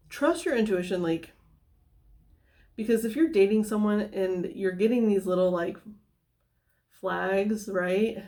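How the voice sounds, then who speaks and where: A woman's voice: medium pitch, warm tone. A woman giving a casual tarot reading, talking in a loose, rambling way full of fillers and tangents. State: somewhat out of breath. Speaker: tarot reader.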